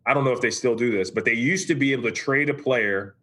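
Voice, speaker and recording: A man's voice: mid-range voice, fast talker, bright, forceful tone. A man in his forties, a former basketball player, telling his story as a podcast guest in an easygoing way, often checking in with "right?". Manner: easygoing, tags points with "right?". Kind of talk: casual interview storytelling.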